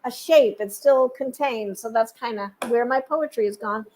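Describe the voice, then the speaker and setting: A woman's voice: fairly high pitch, moderate pace, darkish tone, a little hiss or hum, poor audio. A woman hosting a casual chat, playful and chatty, with rambling asides. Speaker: podcast host.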